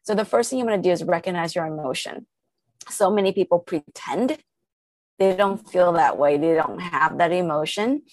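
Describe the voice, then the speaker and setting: A woman with a fairly low voice talks listeners through a calming practice like a patient coach. She lays each step out plainly and earnestly and leans on everyday examples. The sound is close and dry, with no room around it. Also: normal speed, dry recording. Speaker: guest, calm coach. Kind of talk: instructive podcast talk.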